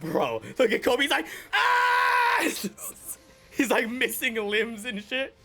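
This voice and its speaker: Hyped, shouting young-sounding man. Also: very high-pitched, lively intonation, a little slow. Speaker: anime reaction host. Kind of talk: excited reaction commentary.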